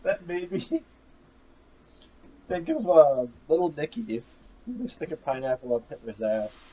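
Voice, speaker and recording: A man's voice: a little high, big pitch swings, measured pace, dark tone. A man co-hosting a casual podcast, giving short laid-back replies. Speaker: podcast co-host. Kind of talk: casual chat. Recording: dull lo-fi sound, off-mic.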